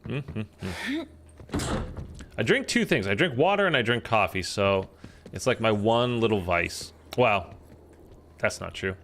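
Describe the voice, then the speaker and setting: A man's voice: on the low side, sing-song, a little slow, long pauses, fairly bright tone. A man streaming a game, chatting and rambling to his viewers. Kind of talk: casual gameplay chat. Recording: game noise behind the voice.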